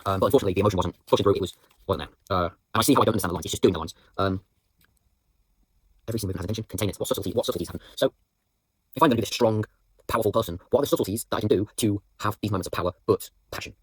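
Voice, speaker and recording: A young drama student thinks aloud in a fast, rambling voice note, full of fillers and restarts. His voice is husky and a little low, and the sound is dry and close with hardly any room around it. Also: dry recording. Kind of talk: reflective voice note on acting practice. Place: indoors at home.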